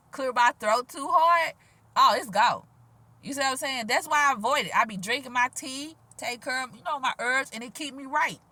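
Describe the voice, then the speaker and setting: A woman vlogging outdoors in a quiet, gentle voice, talking casually with sass and frequent laughs. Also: on the high side. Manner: animated, sassy, laughs often, soft-spoken. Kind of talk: casual spiritual vlog monologue.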